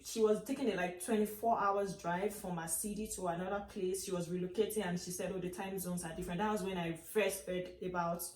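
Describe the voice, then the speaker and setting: A young woman from Nigeria with a Nigerian accent, chatting casually as a vlogger and telling stories with lively quoted voices. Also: fairly low pitch, brisk, hardly any pauses, recorded from a distance, a little hiss or hum. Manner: chatty, animated storytelling with acted quotes. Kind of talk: casual chat. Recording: roomy sound from off the mic.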